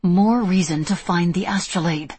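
A woman voices a tense, determined young time traveler under fire, speaking tersely and urgently. Her fairly low, slightly rough voice moves at normal speed, and there is no room sound.

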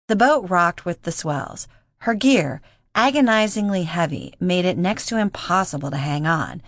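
A woman narrating an audiobook in a steady, measured reading voice. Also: lowish voice, no echo, clean studio sound. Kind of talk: scripted narration.

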